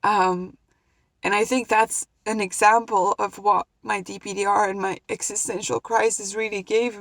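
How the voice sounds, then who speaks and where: A woman's voice: medium pitch, no room sound. A young woman earnestly sharing a personal story in a vlog, emotional and heartfelt, often restarting her sentences. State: emotional, near tears. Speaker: vlogger. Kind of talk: personal reflective talk to camera.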